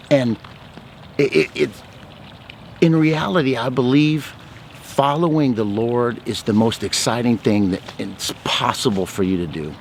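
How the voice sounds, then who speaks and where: A man's voice: medium pitch, unhurried, gravelly, slight background noise. A man speaking as a ministry speaker, giving a chatty faith testimony full of stories. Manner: talkative, outgoing storyteller.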